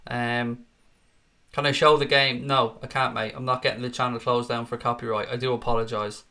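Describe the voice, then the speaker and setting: A young man hosting a live fan watchalong, calling play and answering viewer comments in an excitable, sweary, bantering way. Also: mid-range voice, moderate pace.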